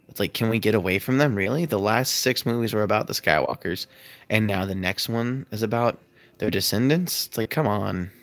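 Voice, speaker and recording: A man's voice: lowish voice, fairly bright tone. A man chatting casually on a livestream from his loft at home, rambling, yawning and answering viewer comments, recorded on a phone. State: sleepy, yawning. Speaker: livestream host. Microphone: phone camera.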